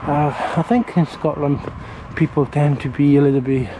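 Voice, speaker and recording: A man's voice: on the high side, steady tone, normal speed. A man walking and filming a vlog, rambling in a friendly, chatty way as he points things out. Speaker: vlogger. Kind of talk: casual walking commentary. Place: outdoors on residential streets. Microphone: handheld camera while walking. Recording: street noise with passing traffic.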